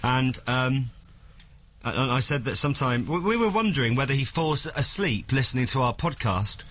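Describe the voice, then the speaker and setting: A man's voice: medium pitch, animated, moderate pace, a bit bright. A man hosting a radio show, chatting and teasing in casual banter. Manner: chatty, teasing, laughs often. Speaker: radio host. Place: radio studio.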